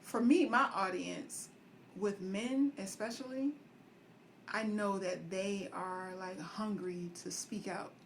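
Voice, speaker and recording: A woman's voice: medium pitch, slow pace, slight background noise. A woman co-hosting a podcast, talking candidly and frankly in casual conversation. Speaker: podcast co-host. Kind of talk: casual chat.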